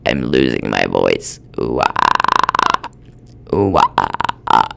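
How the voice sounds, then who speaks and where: A woman putting on an extremely deep, gravelly growling voice and drawing out slow low moans. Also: sing-song, a bit bright, heavily acted.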